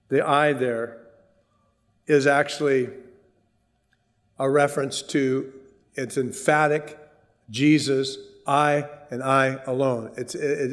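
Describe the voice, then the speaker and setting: Pastor guy preaching, earnest, goes loud then quiet, long hall echo on it. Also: medium pitch. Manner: earnest preaching, rises for emphasis, drops to asides. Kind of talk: sermon.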